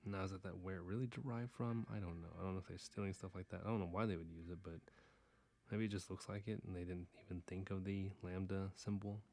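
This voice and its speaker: A man's voice: low-pitched, fairly even intonation, fast talker, warm tone. A man from Houston with a slight Texas accent, rambling casually and self-deprecatingly while drawing on a live stream. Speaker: livestream artist.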